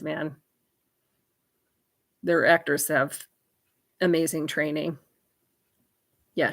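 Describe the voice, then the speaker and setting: Woman, livestream host, casual chat, answers comments, rambling, fairly low pitch. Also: a bit bright. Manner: chatty and rambling, many fillers and asides.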